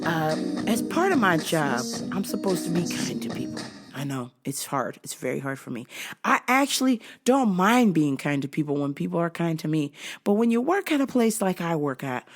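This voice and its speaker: A woman host telling comic work stories in a blunt, profane, animated rant. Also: lowish voice. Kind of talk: comedic storytelling rant.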